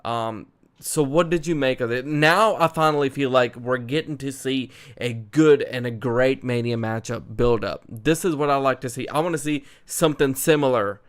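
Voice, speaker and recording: A man chatting casually as a show host, with a smooth, clear voice. He is loose and excitable, and he talks like he is on an online call with a friend. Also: medium pitch, moderate pace. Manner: excitable, laughs often, fillers like "dude" and "man". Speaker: podcast host. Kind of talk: casual wrestling chat.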